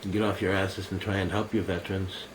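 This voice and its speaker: A man's voice: deep voice, level tone, brisk, background noise. An older man, a military veteran, delivering a bitter, accusing monologue to a camera at home, cursing and swearing.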